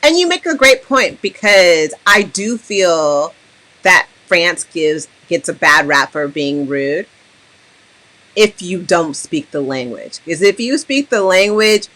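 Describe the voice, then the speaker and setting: Bright-voiced American woman hosting a chat. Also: lowish voice, slow pace. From United States. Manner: animated storyteller, mimics people she quotes. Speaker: host. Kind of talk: casual chat.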